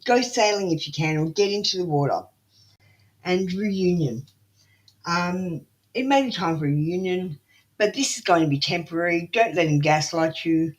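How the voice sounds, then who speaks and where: A woman with a lowish voice hosts a live-stream tarot reading, speaking flatly and matter-of-factly. When viewers ignore her instructions, she scolds them bluntly.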